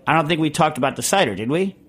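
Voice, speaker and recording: A man from Connecticut hosting a podcast, reading listener questions in a rambling, excitable way. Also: on the high side, racing, breathy edge. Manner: rambling, excitable, tells stories with put-on voices. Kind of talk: casual chat.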